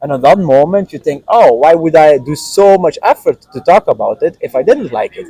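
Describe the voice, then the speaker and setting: A man with venting in a casual chat, animated and frustrated, mimicking a partner's nagging. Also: fairly high pitch, fast talker, breathy edge, no echo, rough recording. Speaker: guest telling his own story.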